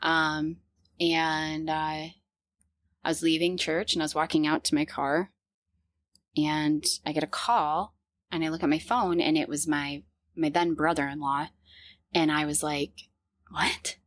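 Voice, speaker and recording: A woman's voice: low voice, flat delivery, a little slow, long pauses, dry recording, clean studio sound. A woman in her thirties telling a personal story with many fillers and restarts. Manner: hesitant, lots of fillers and restarts.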